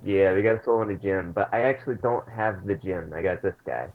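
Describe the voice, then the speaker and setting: A man's voice: low-pitched, a little fast, narrow, tinny audio. A man playing in a tabletop game, rambling in loose, casual grammar over call audio. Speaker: player. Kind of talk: in-character tabletop chat.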